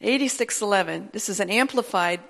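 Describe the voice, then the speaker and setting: A woman preaching a sermon in a church service, animated and building to emphatic declarations. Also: mid-range voice, a little fast, vocal fry.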